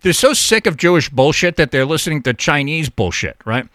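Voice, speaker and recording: A man's voice: a little high, very animated, brisk, fairly bright tone, dry recording, clean studio sound. A man hosting a call-in show, rambling, profane and stammering through restarts in a casual monologue. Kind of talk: casual talk radio monologue.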